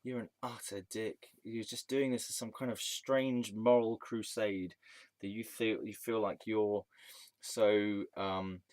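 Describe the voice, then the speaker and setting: A man's voice: on the low side, steady tone, slow, darkish tone, dry recording. A man telling a personal story in a rambling, angry rant, swearing and restarting his sentences. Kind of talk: casual storytelling monologue.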